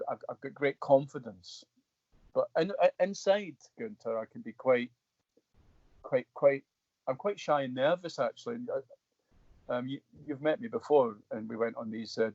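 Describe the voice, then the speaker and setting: A man's voice: mid-range voice, no echo. Scottish man telling a rambling story. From Scotland. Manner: rambling, restarts, animated retelling. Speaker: guest actor. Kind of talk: storytelling in an interview. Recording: dull dry lo-fi sound.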